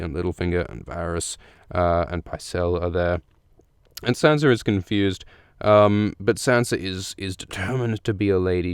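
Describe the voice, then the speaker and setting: Low-voiced, chatty man podcasting. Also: a little mellow, smooth, no echo, clean studio sound. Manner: chatty, with many fillers and restarts. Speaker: podcast host. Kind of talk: casual chat about a book.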